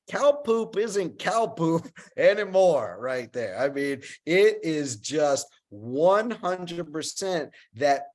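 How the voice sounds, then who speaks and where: A man hosting a webinar over a video call, talking with frequent fillers and restarts. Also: medium pitch. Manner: halting, many fillers and restarts, laughs easily. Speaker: webinar host. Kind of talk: webinar talk.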